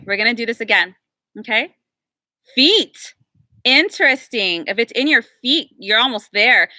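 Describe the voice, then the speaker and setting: A woman energy healer leading a live group workshop, chatty and encouraging with the group, slowing to a measured invocation when she leads the prayer. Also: mid-range voice, sharp tone, no echo, studio quality. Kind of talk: live workshop teaching and guided meditation.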